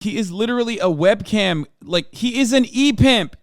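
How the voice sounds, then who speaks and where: A man streaming live, reacting to news articles with profane, animated rants full of fillers. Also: high voice, moderate pace, dry recording, clean studio sound.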